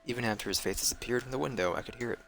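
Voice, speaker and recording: A man's voice: medium pitch, rapid-fire, creaky. A male streamer reading a story game aloud in earnest, with small slips he corrects as he goes.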